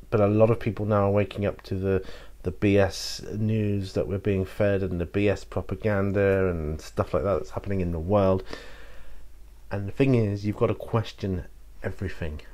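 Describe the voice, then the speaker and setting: Chatting casually to camera by himself, a man running his channel takes viewer questions in a lowish, darkish voice. He meanders hesitantly, with plenty of fillers and restarts.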